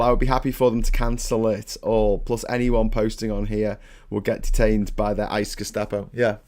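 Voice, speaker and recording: A man hosting a casual morning live stream, chatting, swearing freely and thanking viewers for their donations. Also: medium pitch.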